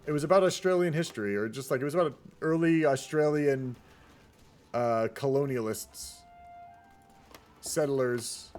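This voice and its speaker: An American game caster with a mid-range, darkish voice talks a little slowly, with long pauses, over soft background music. He gives rambling, casual commentary on a strategy game replay and chats with his viewers.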